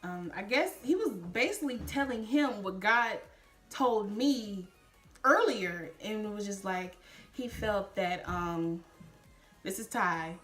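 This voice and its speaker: Animated young woman telling a personal story. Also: medium pitch, takes it slowly, soft background music. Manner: animated, addresses viewers as y'all, laughs while telling. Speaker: vlogger. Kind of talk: casual storytelling to camera.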